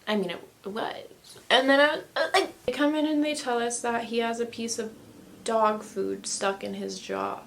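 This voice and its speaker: A woman's voice: a little high, steady tone, moderate pace, gravelly, a little hiss or hum. A young woman vlogger telling an upsetting personal story, rambling with many fillers and quoting her family as she goes. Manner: rambling, filler-heavy, upset retelling with quoted dialogue. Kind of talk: emotional storytime vlog.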